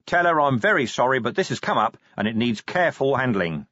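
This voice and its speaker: A man's voice: mid-range voice, lively intonation, a little fast, fairly bright tone, dry recording, muffled recording. A man playing a weary, blunt middle-aged city watch commander who grumbles his lines. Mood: gruff.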